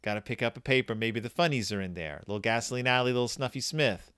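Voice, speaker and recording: A man's voice: medium pitch, clear, resonant tone. A man in casual conversation about a novel, laughing often and briefly acting out the characters. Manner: animated, laughing often, acts out characters in quick voices. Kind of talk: casual book discussion.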